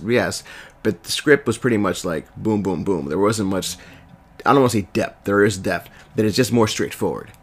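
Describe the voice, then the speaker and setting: A man with a raspy voice from a lingering cold, hosting a casual solo podcast where he reviews a TV series in a rambling, self-correcting way. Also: fairly low pitch, fairly bright tone.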